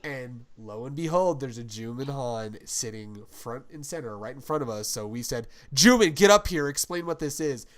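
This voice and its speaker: A man co-hosting a casual podcast, loose and rambling as he recounts events. He laughs often and drops crude jokes along the way. His pitch sits in an ordinary middle range. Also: normal speed, hardly any pauses. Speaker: podcast co-host.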